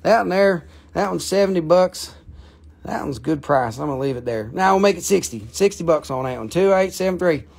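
Gravelly, joking man selling crystals. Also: on the high side, animated, brisk, a little mellow. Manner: joking, rambling, cusses a lot. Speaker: host of a live crystal sale. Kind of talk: casual live sales chat.

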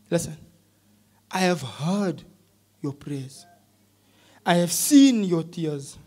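A man preaching a sermon in a church, talking casually with slang and swinging from quiet scripture reading to loud urgent pleading. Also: high voice.

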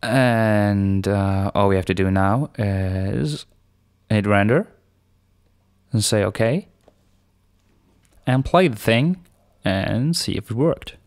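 Man, tutorial host, relaxed explainer, somewhat low voice, dry close sound. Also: slow, pauses often, dry recording. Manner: relaxed, explanatory, unscripted with fillers. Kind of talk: screencast tutorial narration.

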